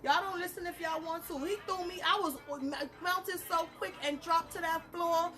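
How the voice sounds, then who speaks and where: A woman, a spiritual reader talking casually to her viewers, animated and blunt, laughing through her stories. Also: very high-pitched, normal speed. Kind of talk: casual live talk to viewers.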